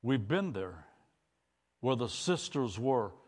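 A man's voice: mid-range voice, sing-song, slow, a little mellow. A male pastor preaching a sermon in church, addressing the congregation directly and questioning them. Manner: preaching with call-and-response to congregation.

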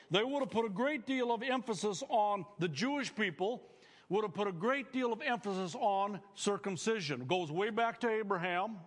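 A man's voice: sits high, in a large hall. A male pastor preaching a sermon to students, earnest and emphatic, building phrases up as he speaks.

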